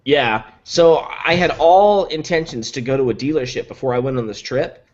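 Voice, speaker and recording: A man's voice: medium pitch, normal speed, a little mellow, highs cut off, slight background noise. A man talking in a casual podcast chat as a guest reviewer, enthusiastic and filling his talk with likes and ums. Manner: enthusiastic, rattles off specs with many likes and ums.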